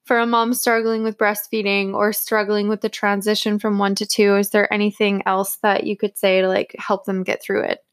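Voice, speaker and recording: A woman's voice: mid-range voice, flat delivery, normal speed, few pauses. Chatty young woman podcast host. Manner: chatty, laughs between lines. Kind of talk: casual chat.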